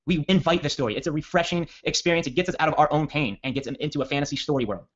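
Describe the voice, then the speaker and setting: A man giving a casual copywriting training, telling a long story in a rambling, self-correcting, energetic way. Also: on the high side, very fast. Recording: dull lo-fi audio.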